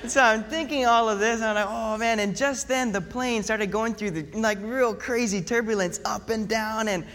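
High-voiced preacher in a ringing hall. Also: male voice, moderate pace, a little hiss or hum. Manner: animated storytelling with mock panic. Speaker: pastor. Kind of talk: sermon. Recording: long hall reverb.

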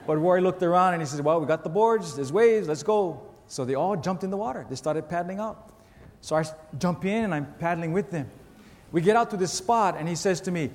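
A male pastor preaching a sermon, telling a story in an animated way with self-mocking humor. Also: high voice, fairly quick, long reverb tail.

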